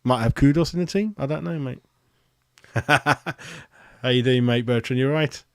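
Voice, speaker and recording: A man chats through a live fan reaction, excitable and matey, greeting viewers by name. His voice sits at a middle pitch. The sound is dry and close, with no room around it. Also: moderate pace, no room sound. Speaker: fan channel host. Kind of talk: live match reaction chat.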